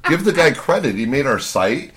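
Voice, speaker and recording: A man's voice: medium pitch, sing-song, normal speed, a bit bright, a little hiss or hum. A man co-hosting a podcast, telling a story in a casual, teasing way and swearing freely. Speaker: podcast co-host.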